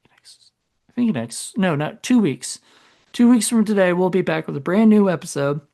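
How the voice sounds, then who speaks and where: A man's voice: high voice, lively intonation, normal speed, vocal fry, mellow. A man co-hosting a podcast in casual chat, rambling and correcting himself as he goes. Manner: rambling, self-correcting, trails off. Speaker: podcast co-host.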